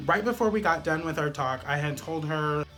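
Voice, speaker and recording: A man's voice: a little high, fairly quick, pushed and bright, faint music behind. A man vlogger telling a personal story in a casual, chatty way, full of fillers like "like" and "pretty much".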